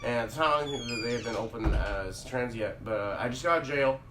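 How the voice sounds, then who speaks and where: Young man, podcast host, rambling profane storyteller, fast talker, distant mic, roomy echo. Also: mid-range voice. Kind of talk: casual storytelling. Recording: roomy room, distant mic, faint background hum.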